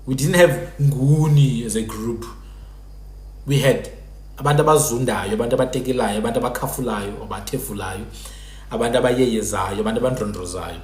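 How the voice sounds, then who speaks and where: A man's voice: mid-range voice, brisk, reverberant. A man hosting a live stream, explaining in a casual lecturing way and repeating sounds to demonstrate them. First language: Sephuthi.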